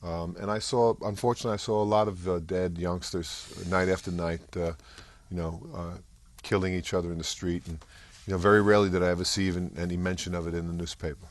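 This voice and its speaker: An older man, telling stories as an interview guest, halting and rambling with many fillers. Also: deep voice, little pitch movement, dry recording. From New York area. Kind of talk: casual storytelling interview.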